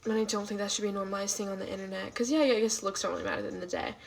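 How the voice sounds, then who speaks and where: Late at night from home, a woman livestreams casually in a gravelly, fry-heavy voice of ordinary pitch, talking rapid-fire in a steady tone. She rambles, fills gaps with "um" and "like," answers her chat, and sometimes drops into soft half-whispered asides. The rough recording carries a little hiss or hum.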